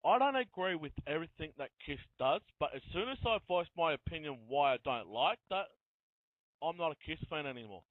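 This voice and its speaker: A man's voice: on the high side, expressive, brisk, no room sound. A man from Australia, hosting an interview and earnestly talking through his points. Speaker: host. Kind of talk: casual interview. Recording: tinny phone line.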